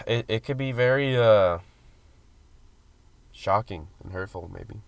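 A man's voice: on the low side, slow, vocal fry, smooth, no echo. A man casually chatting on a podcast, telling a long story with many fillers and some swearing. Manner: rambling storytelling, frequent fillers, mild swearing. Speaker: podcast co-host. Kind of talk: casual chat. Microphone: studio mic.

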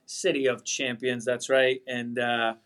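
Earnest Boston man, steady voice. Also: mid-range voice, unhurried. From Boston area, USA. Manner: earnest, heartfelt, rambling. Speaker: pasta manufacturer, guest. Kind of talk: casual interview chat. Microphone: video call.

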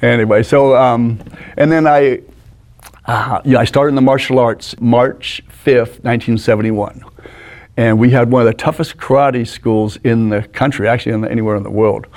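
Animated storytelling man in his sixties. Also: mid-range voice, normal speed. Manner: animated raconteur, acts out the people in his stories. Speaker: guest. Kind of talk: anecdotal storytelling. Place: studio.

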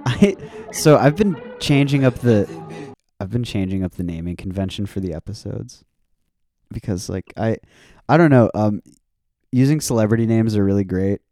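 A man with a low, mellow voice hosts a casual podcast. He swears freely and laughs a lot as he jokes around. The sound is dry and close. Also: animated, moderate pace, no echo. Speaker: podcast host. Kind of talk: casual chat.

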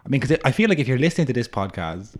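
A man's voice: medium pitch, racing. A man hosting a podcast in casual chat, telling a story with lots of laughs and restarts. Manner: rambling storyteller, lively and laughing. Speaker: podcast host.

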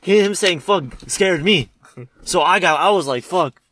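A young man chatting casually with friends, telling animated stories full of swearing and fillers. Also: sits high, a little hiss or hum. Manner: fast, animated storytelling, heavy swearing and filler. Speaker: friend chatting about movies. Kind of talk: casual chat.

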